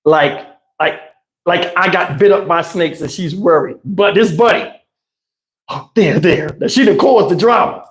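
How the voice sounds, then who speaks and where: A man's voice: sits high, a little slow, reverberant, poor audio. A man telling a comic family story on a livestream, slangy and profane. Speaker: livestream host.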